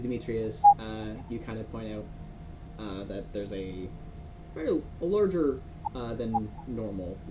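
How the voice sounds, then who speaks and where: A man's voice: fairly low pitch, background noise. A man running a tabletop game as game master, narrating with many fillers and restarts. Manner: rambling, many fillers and restarts, laughs often. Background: music.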